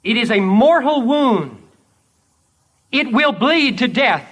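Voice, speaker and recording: A preacher voicing Jesus as king, bright and lively. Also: extremely high pitch, slow pace, pitched above the performer's own voice, full character voice. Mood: assuring. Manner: solemn, commanding. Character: Jesus as a sovereign king, male, calm.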